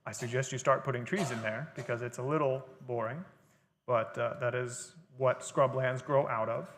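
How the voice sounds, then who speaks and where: Man, explanatory lecture, casual fillers, long hall reverb, mid pitch. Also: steady tone, normal speed. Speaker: guest speaker. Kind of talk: library lecture on gardening. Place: library talk room.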